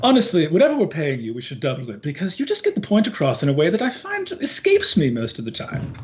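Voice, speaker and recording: A man's voice: wildly swooping pitch, fast, dull audio, a little hiss or hum. A man voicing a pompous, self-pitying wealthy male merchant in a tabletop game, talking in an airy, giggling way. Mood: fawning. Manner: airy, high-pitched, breaks into giggles.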